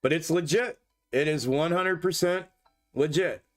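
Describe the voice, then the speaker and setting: Excitable cursing man on a trading livestream. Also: fairly high pitch, unhurried, faint music behind. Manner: profane, excitable, talks to viewers as "y'all". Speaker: stock market livestream host. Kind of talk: casual livestream commentary. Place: home desk setup.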